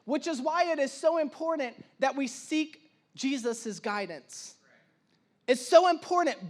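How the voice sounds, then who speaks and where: A young man preaching a sermon in church, telling stories in a lively, humorous way and acting out the voices of the people he quotes. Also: very high voice, unhurried. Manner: animated, acts out quoted voices, self-deprecating humor. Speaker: pastor. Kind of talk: sermon with storytelling.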